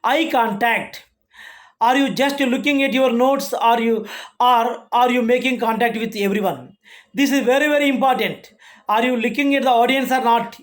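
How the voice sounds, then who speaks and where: A college lecturer talks a class through a list of points at a mid-range pitch. Each item is read out, then explained again in plainer words, often stopping to restart a phrase. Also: fairly even intonation, moderate pace. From India. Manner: reads points aloud then rephrases them, with frequent restarts.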